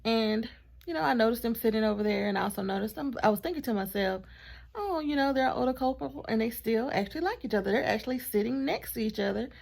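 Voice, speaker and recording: A woman vlogger telling a storytime in a chatty, animated way, with asides to her partner off camera. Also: on the high side, fast talker, creaky. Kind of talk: casual storytime vlog.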